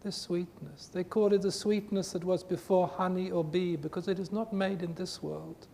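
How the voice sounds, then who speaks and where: A man giving an earnest spiritual talk to a group, with emphatic, repetitive phrasing, recorded in a reverberant hall with a faint rumble. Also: steady tone, moderate pace, creaky, warm tone. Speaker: spiritual teacher.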